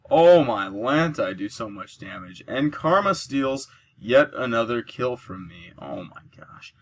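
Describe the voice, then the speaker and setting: On a muffled recording, a sleepy, yawning man with a mid-range voice chats through a let's play. He explains the game mechanics behind his moves and breaks into excited cheers whenever he gets a kill.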